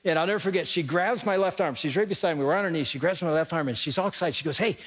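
A middle-aged male pastor preaching a sermon, telling lively stories and speaking straight to his congregation in a large church auditorium. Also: fairly high pitch, very fast. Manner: animated storytelling, addressing the congregation directly. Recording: long reverb of a large hall.

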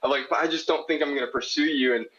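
Young man from South Dakota, caller, earnest rambling storyteller, bright voice, dull lo-fi sound. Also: a little high, steady tone, rapid-fire. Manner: earnest, rambling, quotes people as he tells it. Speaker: caller asking a question. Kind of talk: candid storytelling.

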